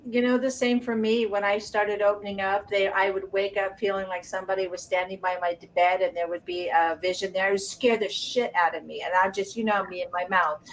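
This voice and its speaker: A woman's voice: mid-range voice, steady tone, fairly quick, few pauses, distant mic, a little hiss or hum, low-quality recording. A woman on a casual live chat telling a story frankly and with animation, swearing now and then.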